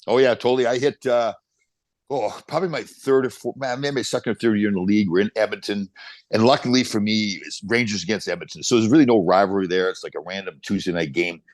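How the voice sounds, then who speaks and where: A man in his sixties, a podcast guest telling animated stories with quick restarts. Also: on the low side, no room sound. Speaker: podcast guest, former pro hockey player. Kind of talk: casual storytelling interview.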